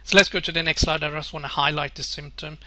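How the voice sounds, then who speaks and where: A man's voice: on the high side, little pitch movement, fast talker, bright, forceful tone, no echo. A man presenting a webinar with slides, explaining earnestly and often circling back to restate his points.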